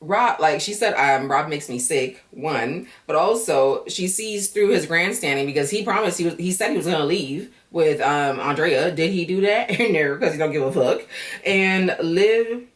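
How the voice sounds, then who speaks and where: Sassy woman recap vlogger, lowish voice, slightly off-mic. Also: expressive, normal speed, recorded from a distance. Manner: blunt, sassy, sarcastic. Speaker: reality show recap vlogger. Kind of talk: casual recap commentary. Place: home.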